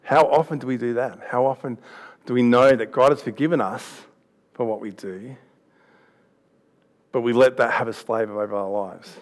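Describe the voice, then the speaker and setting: A man's voice: medium pitch, fairly even intonation, normal speed, long pauses. A man giving a youth sermon, chatty, laughing and restarting as he tells stories. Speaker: youth pastor. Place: church hall.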